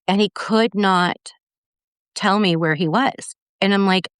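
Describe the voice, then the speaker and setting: A woman's voice: medium pitch, moderate pace, no echo, clean studio sound. A middle-aged woman telling a personal story as a podcast guest, earnestly retelling events and quoting the dialogue.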